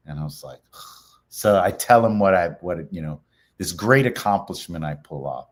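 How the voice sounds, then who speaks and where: Deep-voiced man telling a lively story. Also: moderate pace. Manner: animated storyteller acting out quoted dialogue. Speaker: interview guest, company founder. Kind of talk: storytelling in a casual interview.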